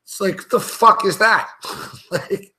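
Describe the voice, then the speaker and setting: A young man with a bright, forceful, fairly high voice, spinning a long, rambling anecdote in casual chat. He swears in nearly every sentence and keeps restarting his thoughts as the story runs on. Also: slow pace. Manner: profane, swears constantly; rambling, animated anecdote telling. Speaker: show panelist.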